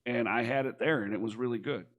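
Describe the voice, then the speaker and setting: Excitable swearing man from Michigan. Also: medium pitch, quick pace. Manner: excitable, swears freely, rambling. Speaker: podcast co-host. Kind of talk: casual chat.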